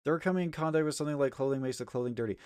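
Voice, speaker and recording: A man's voice: mid-range voice, very fast, clean tone, no room sound. Profane, ranting male streamer, dry sound. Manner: swings from mumbled asides to loud exasperated ranting; profane, argumentative. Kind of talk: casual live-stream chat.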